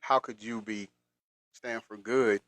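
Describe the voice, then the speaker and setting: A man hosting a podcast, speaking in an earnest, conversational way. His voice is bright and forceful, set a little low for a man. He draws on his own experience as he answers his guest. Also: fairly even intonation, slow, dry recording. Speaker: podcast host.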